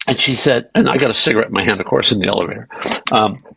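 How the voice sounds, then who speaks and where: An older man, a guest actor, telling animated, salty anecdotes in an interview. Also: medium pitch, rapid-fire, vocal fry, husky, low-quality recording. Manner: animated raconteur, swearing. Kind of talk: anecdotal storytelling.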